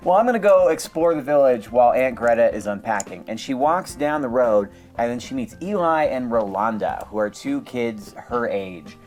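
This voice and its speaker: A man's voice: medium pitch, expressive, normal speed, few pauses, a little mellow, soft background music. A young man co-hosting a casual podcast, recapping a book in a rambling way with crude jokes. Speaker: podcast co-host.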